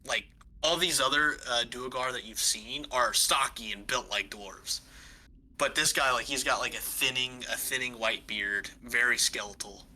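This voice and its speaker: A man's voice: mid-range voice, moderate pace, pushed and bright. A man running a tabletop game as game master, describing scenes in a loose, rambling way full of "like" and restarts.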